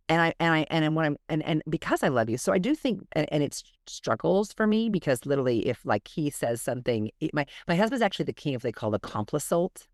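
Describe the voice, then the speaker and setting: A woman co-hosting a podcast, telling animated stories in a casual chat, often restarting her sentences. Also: deep voice, fast, few pauses, no room sound, studio quality. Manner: animated storyteller, many restarts and fillers. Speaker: podcast co-host.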